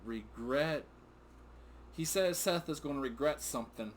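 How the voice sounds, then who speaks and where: A middle-aged man in a casual wrestling recap chat, talking at a middle pitch. He rambles, restarts his points and gets sidetracked. A faint hiss of noise sits under his voice. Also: measured pace. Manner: excitable, rambling, often sidetracked and laughing. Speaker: co-host of a father-and-son wrestling recap show.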